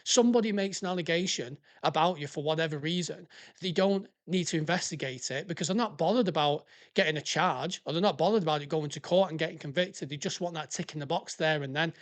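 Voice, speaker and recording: A man's voice: on the high side, fast talker. A man hosting a podcast, ranting in a blunt, sweary way. He is a former police officer reacting to listener stories in heated, casual commentary.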